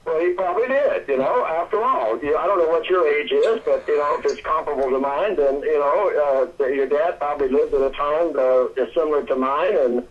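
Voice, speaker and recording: Older man rambling over a tinny phone line. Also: on the high side. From Atlanta, Georgia, US. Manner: rambling, halting, many restarts. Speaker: phone-in guest. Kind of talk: casual storytelling chat. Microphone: telephone.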